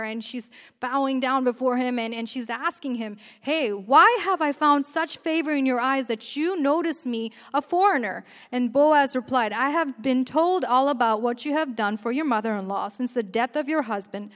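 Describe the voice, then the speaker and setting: A woman preaching a sermon in an animated way, acting out quoted speech. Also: a little high. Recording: hall reverb.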